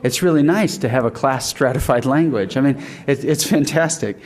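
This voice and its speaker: A man giving a public talk on language and literary tradition, thoughtful and halting, with fillers and restarts, and reciting Middle English verse aloud. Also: mid-range voice, a little mellow. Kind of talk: public lecture.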